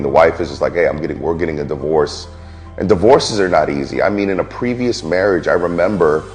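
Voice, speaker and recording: A New York man in his forties, a military veteran, gives personal testimony, speaking candidly and reflectively about his life. His deep voice is a little mellow, and he often pauses and restarts.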